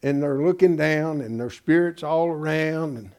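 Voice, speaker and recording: A man's voice: on the high side, normal speed, darkish tone. A man preaching a Bible-study sermon, emphatic and folksy, often asking his congregation rhetorical questions. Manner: folksy, calls listeners "folks".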